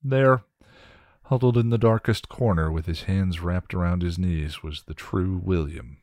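Male story reader, deep voice, measured delivery, dry recording. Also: a little mellow, no room sound. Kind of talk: reading a story aloud.

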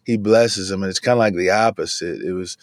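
A man hosting a casual devotional podcast from inside his van, talking in a relaxed, chatty way and often saying "man". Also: sits low, fairly quick, no echo, clean studio sound. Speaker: podcast host. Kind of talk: casual devotional bible talk. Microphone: video camera in a van.

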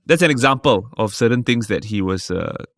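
A man with a Singaporean English accent talks on a podcast in a low, easy voice, spinning anecdotes from his stand-up and slipping into the voices of the people he quotes. The sound is dry and close, with no room around it. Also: lively intonation, brisk, a bit bright, dry recording. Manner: storytelling, acting out quoted voices. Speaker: stand-up comedian, guest co-host. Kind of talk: casual podcast chat.

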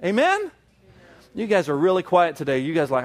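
A man's voice: on the high side, wildly swooping pitch, brisk. A male pastor preaching a sermon to a congregation, building to emphatic peaks with repeated phrases.

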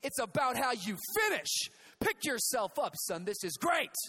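A man voicing his relentlessly upbeat, overexcited father, shouting with glee. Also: very high voice, sing-song, a little slow, full character voice. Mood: overjoyed. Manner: shouting, exclaiming. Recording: long hall reverb.

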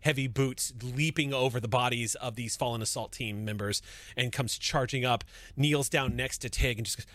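A man's voice: medium pitch, normal speed, no room sound. Man game master, dry close voice. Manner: relaxed, explanatory, with fillers and restarts. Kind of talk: narrating a tabletop sci-fi horror game.

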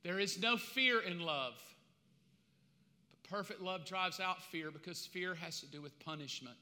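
A middle-aged man preaching a sermon as pastor, impassioned and conversational, with dramatic pauses. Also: sits high, sharp tone, big-room sound. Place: church sanctuary.

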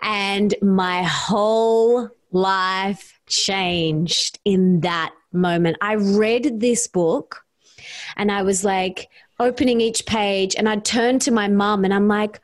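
A woman's voice: mid-range voice, takes it slowly. A woman, a podcast guest and author, tells a personal story in casual conversation, acting out her own past lines of dialogue.

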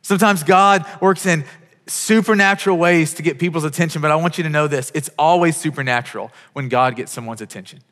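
Pastor preaching in a reverberant hall. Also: male voice, fairly high pitch, brisk, a bit bright. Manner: storytelling with quoted dialogue, many restarts. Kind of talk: sermon.

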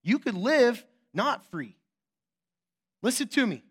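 A male pastor preaching a sermon in an animated, joking way, teasing his congregation and asking rhetorical questions. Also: very high voice, slightly rough. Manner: quick, emphatic, asks rhetorical questions.

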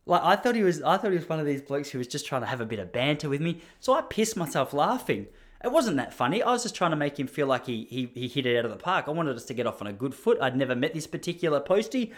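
A young Australian man telling a story in a casual, mock-indignant monologue. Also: quick pace. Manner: animated, mock-indignant, jumps up high when acting out others.

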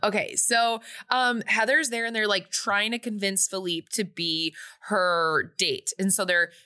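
A woman in her late twenties casually recapping a movie on a podcast, chatty and quick to act out the characters' lines. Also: mid-range voice, fairly even intonation, pushed and bright. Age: 20s. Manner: chatty, acts out characters' lines, laughs often. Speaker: podcast co-host.

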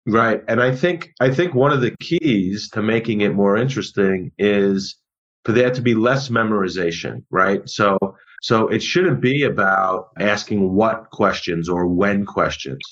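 A middle-aged man, a history teacher being interviewed, explaining in a measured, thoughtful way and often repeating words. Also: lowish voice, fairly bright tone. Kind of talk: conversational interview. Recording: dull lo-fi audio.

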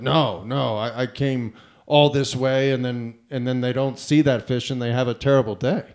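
A man's voice: mid-range voice, fairly even intonation, moderate pace, hardly any pauses, darkish tone. A man hosting a podcast in casual conversation, loose and rambling with many restarts.

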